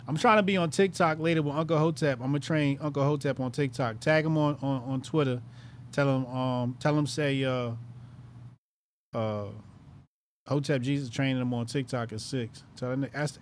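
A man's voice: medium pitch, a little hiss or hum. A man hosting a call-in show, loose and profane, muttering to himself between calls. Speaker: host.

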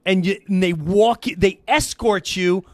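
A middle-aged man who is a guest in a casual chat, telling stories excitedly. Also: high-pitched, measured pace, dry recording, clean studio sound. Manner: animated, excitable storyteller.

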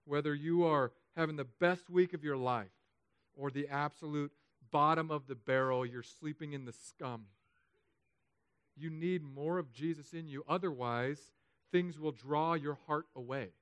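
A man preaching a sermon as pastor, emotional, swinging between loud urging and soft, hushed stretches. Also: fairly high pitch, measured pace, clean tone, no echo.

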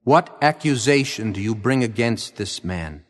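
A man's voice: mid-range voice, animated, measured pace, close to an everyday voice. A man reading a demanding Pilate. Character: Pilate, demanding Roman governor questioning a prisoner. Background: faint guitar music.

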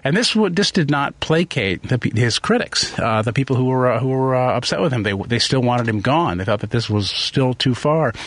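A man's voice: mid-range voice, expressive, moderate pace, hardly any pauses. A man giving spoken commentary, thinking aloud with many restarts and fillers.

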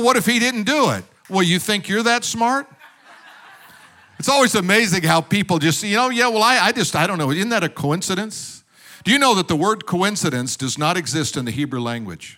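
A male pastor delivers a sermon in a high, bright voice. He presses his points with rhetorical questions and calls for amens, and he drops joking asides to the congregation along the way. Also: expressive, a little fast.

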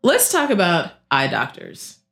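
A woman in her thirties co-hosting a podcast, chatting casually and acting out quotes with big jumps in pitch. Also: unhurried, creaky. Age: 30s. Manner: animated storyteller, acts out quotes with pitch jumps. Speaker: podcast co-host. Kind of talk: casual chat.

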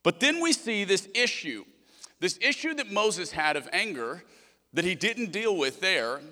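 Animated young pastor in a reverberant hall. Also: male voice, high-pitched, a little slow. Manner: animated, acts out voices in quotes. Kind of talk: sermon.

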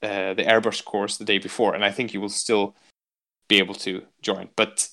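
A man's voice: lowish voice, level tone, moderate pace, gravelly, bright, forceful tone. A man hosting a podcast in casual chat, rambling and joking and swearing freely, slipping into silly mock voices now and then. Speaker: podcast host.

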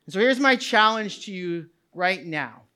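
High, bright-voiced male preacher. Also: expressive, a little slow, clear, resonant tone. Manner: swings from quiet reflection to shouted preaching. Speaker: pastor. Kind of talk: sermon. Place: church sanctuary.

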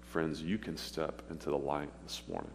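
Deep-voiced preacher in a reverberant church. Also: male voice, sing-song, creaky. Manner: earnest, pleading, with confessional pauses. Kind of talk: sermon. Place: church sanctuary. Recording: long hall reverb, faint hum.

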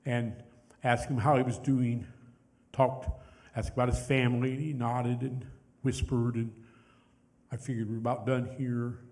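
A man leading a congregation in hymns, who pauses to tell a story in a soft, heartfelt voice that sinks very quiet. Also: mid-range voice, flat delivery. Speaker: worship leader and chaplain. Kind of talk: hymn leading with spoken testimony. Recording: reverberant hall with loud music.

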